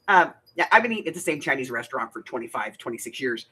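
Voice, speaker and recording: A middle-aged woman hosts a crafting livestream in a rumbling low voice, speaking fast with a little hiss or hum in the background. She laughs often, calls out viewers by name, and chats with them animatedly, telling stories along the way.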